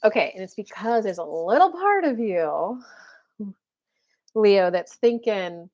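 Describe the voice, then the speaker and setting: A woman's voice: medium pitch, big pitch swings, slow, darkish tone, lo-fi sound. A woman giving a casual, chatty live-stream card reading as a spiritual coach, full of fillers and little acted-out quotes.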